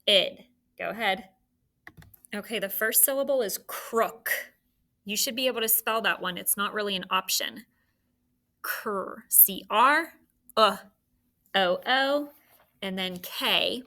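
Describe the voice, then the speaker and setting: A woman teacher guides young students through a phonics spelling lesson. She talks slowly, sounding out each word and letter with careful, deliberate enunciation. Her voice is bright and clear. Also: mid-range voice.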